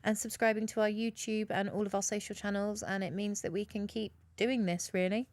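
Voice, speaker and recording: A woman co-hosting a podcast in casual chat, chatty and quick to laugh. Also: mid-range voice, level tone, darkish tone, no echo. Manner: chatty, laughs often, mimics messages in put-on voices. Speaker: podcast co-host.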